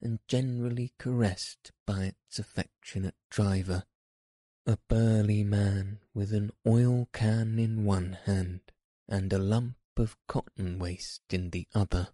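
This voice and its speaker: A man reading a classic storybook aloud in a measured, gently expressive narration. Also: on the low side, no room sound, clean studio sound. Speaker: audiobook narrator.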